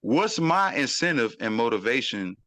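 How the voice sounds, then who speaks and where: A man arguing his side in a heated panel discussion, repeating phrases to keep the floor. His voice sits at an ordinary middle pitch. The sound is dry and close, with no room around it. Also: sing-song, normal speed, fairly bright tone, no echo. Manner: insistent, repeats himself, holds the floor. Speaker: panel guest.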